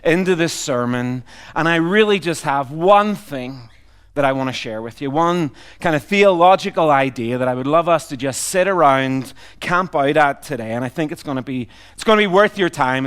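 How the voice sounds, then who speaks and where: A man's voice: medium pitch, lively intonation, normal speed, a bit bright, clean tone. A middle-aged man from Northern Ireland with a Northern Irish accent tinged by Canadian and Australian, preaching a sermon as a visiting pastor in a humorous, self-deprecating, conversational way. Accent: Northern Irish, mixed with Canadian and Australian.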